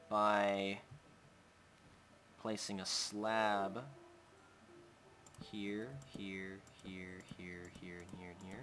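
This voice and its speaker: A young gaming host talking slowly with a bright, forward tone. He narrates his Minecraft building step by step and chats to his pet. A faint hum sits under his desk mic. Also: lowish voice. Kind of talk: casual Minecraft let's play commentary.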